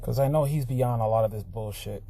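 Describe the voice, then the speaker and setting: A man's voice: mid-range voice, fairly quick, creaky, slight background noise. A man talking casually straight into the camera, with lots of "you know" fillers, building into a heated rant. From Puerto Rican heritage. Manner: frequent fillers, grows heated and loud. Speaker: vlogger.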